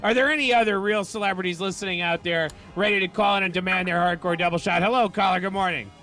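A man's voice: high-pitched, steady tone, fast, sharp tone. A man hosting a morning radio call-in show, upbeat and laughing along with callers. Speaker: radio DJ host. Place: radio studio.

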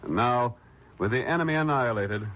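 A man narrating a 1940s radio drama in an expressive storytelling manner. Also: mid-range voice, a little fast. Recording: lo-fi old radio recording with music.

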